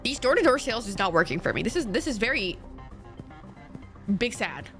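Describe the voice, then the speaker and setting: Young woman streamer, foul-mouthed and jokey, slightly high pitch, soft music underneath. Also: sing-song, brisk. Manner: crude, joking and swearing freely. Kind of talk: casual gameplay chat with a co-op partner.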